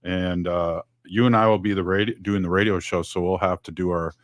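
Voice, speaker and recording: A man's voice: sits low, steady tone, a little fast, dry recording, studio quality. A man hosting a radio show, chatting casually in a rambling way with fillers and restarts.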